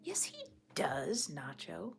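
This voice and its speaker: This livestream host, a woman at home facing a snowy backyard, talks with viewers and takes their comments, frequently whispering. Her voice is on the low side with vocal fry, and she takes things slowly; there's steady background noise in the recording.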